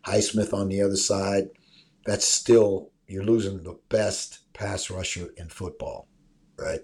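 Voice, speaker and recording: A man's voice: sits low, level tone, a little slow, a little mellow, a little hiss or hum. A man hosting a sports show over a remote call, talking casually and emphatically, often tagging "right?" onto his points. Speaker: show host. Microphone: remote call mic.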